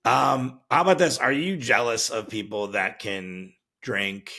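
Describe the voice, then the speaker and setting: A man's voice: medium pitch, unhurried, pushed and bright. A man hosting a podcast, chatting casually in a jokey, easygoing way. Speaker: podcast host. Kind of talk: casual chat.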